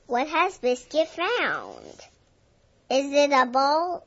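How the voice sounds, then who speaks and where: A woman reading a children's picture book aloud in a slow, clear, sing-song way. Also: high voice, huge pitch swings, fairly bright tone, lo-fi sound. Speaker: storybook reader.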